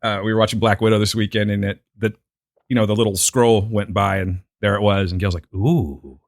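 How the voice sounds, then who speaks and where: A man's voice: fairly low pitch, flat delivery, a little fast, creaky, no room sound, clean studio sound. A man co-hosting a podcast in casual chat, joking and self-deprecating. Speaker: podcast co-host.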